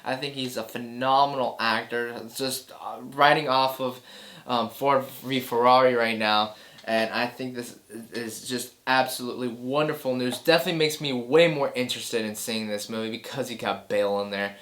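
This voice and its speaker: A man hosting a casual movie chat at an ordinary, mid-range pitch. He talks with easy enthusiasm and keeps restarting his sentences and repeating words as he works through his opinions. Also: fairly even intonation, moderate pace, a bit bright. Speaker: host of a movie news chat show.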